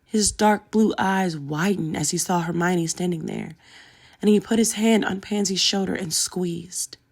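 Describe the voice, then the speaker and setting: Low, gravelly woman reading a story aloud, steady delivery. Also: a little slow. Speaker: audiobook narrator. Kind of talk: storybook narration.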